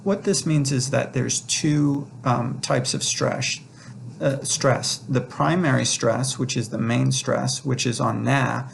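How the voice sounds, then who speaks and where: A man teaching a recorded lecture over slides, talking in a relaxed way with many fillers and restarts. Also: mid-range voice, slow pace, slight background noise. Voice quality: gravelly, creaky. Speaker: instructor.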